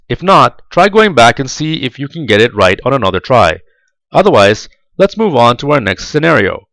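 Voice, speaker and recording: A man reading a scripted tutorial voice-over for job applicants, slow, deliberate and clearly enunciated. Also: medium pitch, a bit bright, no room sound, low-quality recording.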